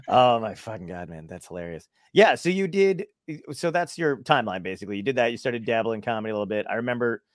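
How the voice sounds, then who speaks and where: A man's voice: expressive, fast talker, no room sound, clean studio sound. A man hosting a casual chat, laid-back and swearing freely. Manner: laid-back, swears casually, pitch jumps around a lot. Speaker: host.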